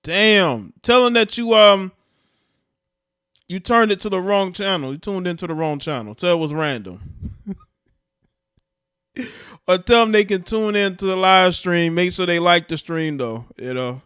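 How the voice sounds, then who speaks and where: A man's voice: sits high, lively intonation, measured pace, pauses often, fairly bright tone, clear, resonant tone, no room sound, clean studio sound. A man co-hosting a casual livestream, explaining things and talking straight to his viewers. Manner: chatty, explains and addresses viewers directly. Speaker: livestream co-host.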